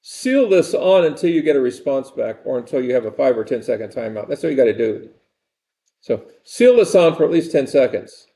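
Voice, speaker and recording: A man's voice: medium pitch, sing-song, brisk, mellow. An older man giving a rambling, conversational university lecture and repeating his phrases.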